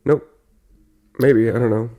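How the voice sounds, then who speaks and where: A man co-hosting a casual comedy podcast, telling stories with dry, deadpan jokes. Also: mid-range voice, measured pace.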